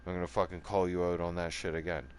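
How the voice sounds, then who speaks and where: Angry, low-voiced man in a profane rant. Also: level tone, fast, slight background noise. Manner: profane, repetitive, keeps asking "right?" and "okay?"; angry and defiant, voice rising and falling. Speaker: gaming channel host. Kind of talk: heated monologue rant.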